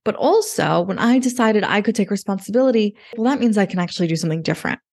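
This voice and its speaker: This fast-talking woman has an expressive, mid-range voice with vocal fry and a darkish tone. In her thirties, she's a dating coach guesting on a podcast, telling her story in a chatty way packed with "like" and quoted inner thoughts.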